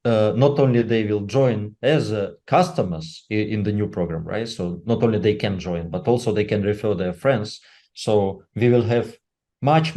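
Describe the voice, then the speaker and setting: A slightly low-voiced man with a dark, mellow timbre talks loosely on a webinar. He halts often, fills gaps with "uh" and keeps checking in with a tag "right?". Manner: halting, full of "uh" and tag "right?". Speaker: company leader speaking on a webinar. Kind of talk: unscripted webinar talk.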